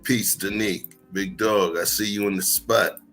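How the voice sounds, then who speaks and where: A man hosting a livestream, chatting casually and greeting his viewers by name in a relaxed way. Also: fairly low pitch, normal speed, faint music behind. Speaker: livestream host. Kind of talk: casual chat.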